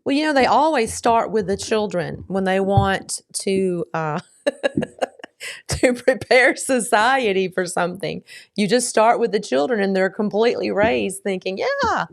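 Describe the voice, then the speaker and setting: A woman's voice: mid-range voice, creaky. A woman co-hosting a casual talk show, teasing her partner and laughing often. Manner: laughing, teasing, quick asides. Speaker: co-host. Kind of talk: casual chat.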